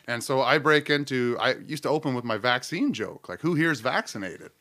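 A man co-hosting a podcast, telling comedy stories in a lively, joking way. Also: mid-range voice, fairly quick. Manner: lively storyteller, animated and jokey. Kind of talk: casual chat.

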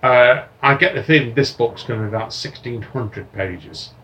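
A man's voice: mid-range voice, normal speed, background noise. A man hosting a casual podcast, reading out news items in a chatty, rambling way. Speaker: podcast host.

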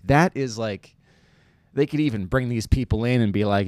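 A man's voice: medium pitch, moderate pace, a little mellow, dry recording, clean studio sound. A young man from New York, rambling through a casual comedic monologue with lots of fillers and restarts. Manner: rambling, self-deprecating, many fillers and restarts.

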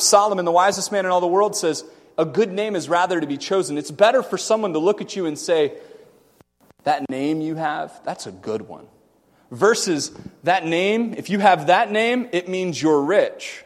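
A man preaching a sermon, swinging from loud shouting to quiet, joking asides with the congregation. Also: on the high side, long reverb tail.

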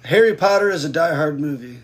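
A man's voice: a little high, animated, fast, slight background noise. A man co-hosting a podcast, telling jokey stories in a casual chat at home. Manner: joking, storytelling. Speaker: podcast co-host. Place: home studio room.

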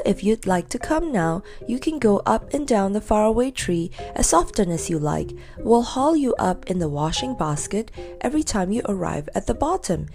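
A woman's voice: mid-range voice, darkish tone. A woman reading as eager little Moonface. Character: Moonface, friendly little male tree dweller.

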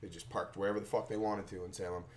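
A man's voice: deep voice, fairly even intonation, racing. Swearing man telling stories. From Massachusetts. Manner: swearing, rambling storyteller; acts out quotes loudly. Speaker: podcast host. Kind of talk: casual storytelling chat.

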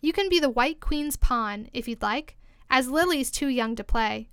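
Bossy queen, played by a woman reader, brisk and commanding, smooth tone, dry sound. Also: high-pitched, lively intonation, a bit bright, no room sound. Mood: instructing.

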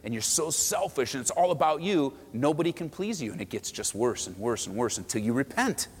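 Lively male pastor in a reverberant hall. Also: medium pitch, brisk, husky. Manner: animated, acts out quoted voices, asks the crowd. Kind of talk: sermon. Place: church sanctuary.

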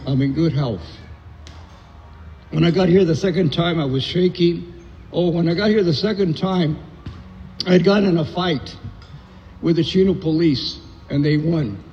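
A man's voice: fairly high pitch, a little hiss or hum. An older man telling his recovery story at a meeting, rambling with many fillers and restarts. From Southern California. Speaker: AA meeting speaker. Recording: echoey hall, dull lo-fi sound.

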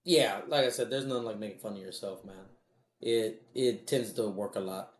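A man's voice: lowish voice, moderate pace, roomy sound. A man co-hosting a casual podcast, joking and swearing as he tells stories and gives advice. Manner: profane, joking, animated storytelling. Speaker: podcast co-host.

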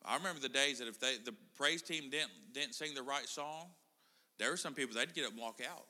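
With church hall reverb around him, a middle-aged man preaches a casual sermon, chatting and joking with the congregation. He speaks at medium pitch, fairly quickly, in a pushed, bright voice.

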